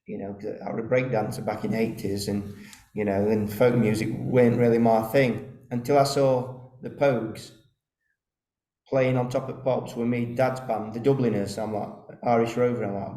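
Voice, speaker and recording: A man's voice: mid-range voice, fairly even intonation, moderate pace, warm tone. A man, a band's lead singer telling rambling anecdotes in a casual interview from a rehearsal room. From East Midlands, England. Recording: roomy rehearsal room echo.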